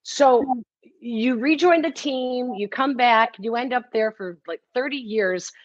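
A woman interviewer asking questions in an animated, openly reacting conversational way. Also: on the high side, measured pace, no echo. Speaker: interviewer, host. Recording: dull lo-fi audio.

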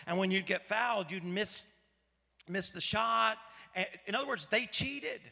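A pastor from Arkansas, preaching a sermon in a conversational, storytelling way and asking the audience rhetorical questions. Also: male voice, high voice, unhurried, vocal fry, bright, forceful tone, big-room sound. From Arkansas, USA.

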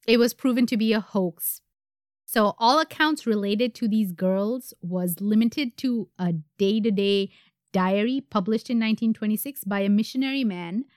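A woman's voice: medium pitch, dry recording. A woman hosting a podcast, walking her co-hosts through a story in easy conversation. Her voice sounds dry and close, with no room around it, and a laugh is never far off. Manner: relaxed, laughs easily while recounting. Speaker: podcast host. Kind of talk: casual storytelling chat.

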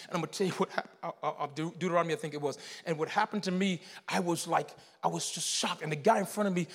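A man, preaching a sermon as pastor, telling a story in hushed tones and building to shouted exhortation. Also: high voice, long reverb tail.

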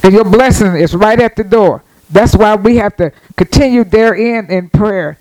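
A man's voice: sits high, normal speed, darkish tone, no echo, rough recording. A man preaching a sermon, exhorting his listeners with frequent amens and repetition, his voice sounding strained.

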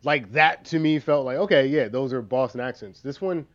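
A man co-hosting a casual film podcast, talking in halting, restarting sentences. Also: mid-range voice, dull audio. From US East Coast. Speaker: podcast co-host. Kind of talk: casual movie-review chat.

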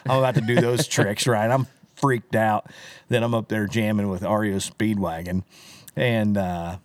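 A man with a fairly low voice tells rambling, animated stories in a casual podcast chat, tossing in "dude" and "right?" as he goes. The recording is close and dry, with no room sound. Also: moderate pace, dry recording. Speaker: country singer telling stories.

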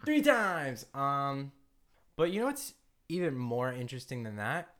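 A man's voice: medium pitch, sing-song, a little slow, background noise. A man co-hosting a podcast, chatting casually, laughing often and trailing off mid-sentence. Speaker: podcast co-host. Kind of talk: casual chat.

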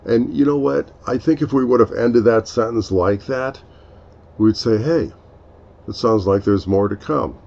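A man hosting a reflective devotional talk, speaking in a slow, earnest, explaining way. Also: medium pitch, vocal fry, a little mellow, muffled recording. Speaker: podcast host.

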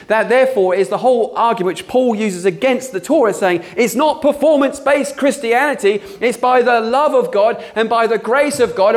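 A man's voice: high-pitched, expressive, moderate pace. A man preaching a sermon, emphatic and exclamatory, breaking often into hallelujahs and amens.

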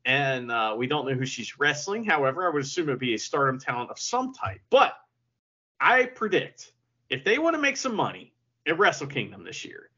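A man co-hosting a podcast in casual chat, joking and excitable, with frequent profanity. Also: medium pitch, normal speed, slightly rough. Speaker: podcast co-host. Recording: muffled lo-fi podcast audio.

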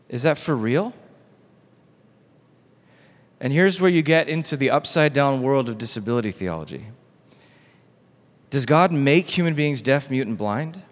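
A man preaching a sermon as pastor, animated and casual, acting out quoted dialogue. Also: medium pitch. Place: church hall. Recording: long hall reverb.

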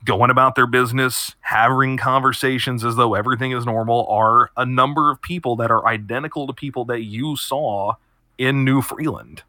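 A man's voice: mid-range voice, steady tone, normal speed, pushed and bright, no room sound, clean studio sound. A man hosting a podcast and narrating as game master, descriptive and full of fillers. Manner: descriptive, many fillers, laughs often.

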